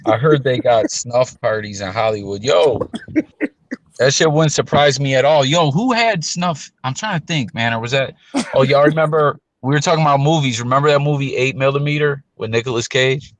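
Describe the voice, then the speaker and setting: A man's voice: mid-range voice, normal speed, dry recording, poor audio. Man, stream host, easygoing, chatty, dry sound. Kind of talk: casual live-stream banter.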